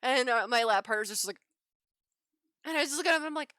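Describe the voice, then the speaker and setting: Animated, lively-toned woman streamer. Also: high voice, quick pace, pauses often, dry recording, clean studio sound. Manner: animated, laughs often between phrases. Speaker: livestreaming digital artist. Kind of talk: casual storytelling while drawing. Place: home drawing setup.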